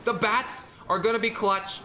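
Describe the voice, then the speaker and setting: A young man giving excitable, jokey running commentary on his own gameplay, talking to himself as he plays. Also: high voice, moderate pace, slight background noise. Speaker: gaming creator.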